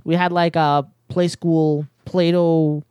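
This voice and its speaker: A woman's voice: sits low, little pitch movement, slow pace, mellow, clear, resonant tone. A woman hosting a casual podcast from a headset mic, rambling with lots of fillers and restarts. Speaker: podcast host.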